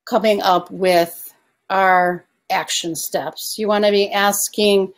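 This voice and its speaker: A woman's voice: medium pitch, steady tone, slow. A woman success coach giving an online coaching presentation, asking her audience questions and inviting replies in the chat.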